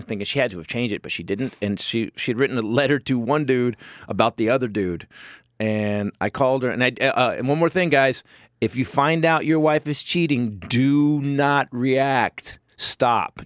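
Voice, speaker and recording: A man, a comedian guest, telling a personal story candidly on a talk show, emphatic and acting out quotes with sudden pitch jumps. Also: no echo, studio quality.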